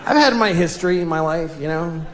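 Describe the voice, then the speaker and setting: An American man doing a stand-up comedy set, animated and shouting his punchlines. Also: a little high, fairly quick, a crowd in the background, noisy background. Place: comedy stage before a live audience. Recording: roomy live venue recording from a distance. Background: audience laughter.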